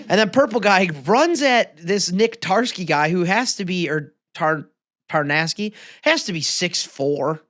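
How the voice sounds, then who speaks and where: Animated sports podcast co-host, storytelling. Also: medium pitch, unhurried, no room sound, clean studio sound. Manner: animated storyteller, acting out quotes loudly. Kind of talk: casual sports podcast chat.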